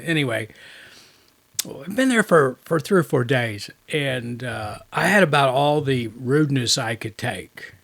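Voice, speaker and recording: A man's voice: medium pitch, lively intonation, unhurried, creaky, fairly bright tone. A man co-hosting a podcast in casual chat, a rambling storyteller who laughs often. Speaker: podcast co-host.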